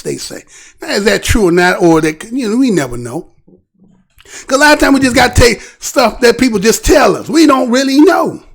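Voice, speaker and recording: Gravelly high-voiced man ranting. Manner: heated, repetitive rhetorical questions. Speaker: commentary show host. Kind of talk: casual political commentary.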